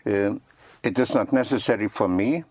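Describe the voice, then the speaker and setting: A man's voice: fairly low pitch, normal speed, a little mellow, no echo. A man teaching French vocabulary, patiently repeating each word and spelling it out letter by letter. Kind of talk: language lesson.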